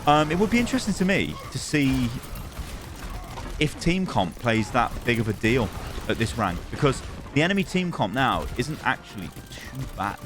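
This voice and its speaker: A man's voice: medium pitch, sing-song, moderate pace, background noise. A man reviewing gameplay replays as a coach, exasperated and firing off repeated rhetorical questions.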